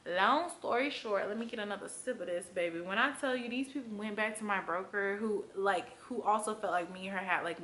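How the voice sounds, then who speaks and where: A woman's voice: pushed and bright, a little hiss or hum. A young woman from Florida telling a candid story to camera, loose and profane, full of fillers and acted-out quotes. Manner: acts out quotes with big pitch jumps. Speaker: vlogger.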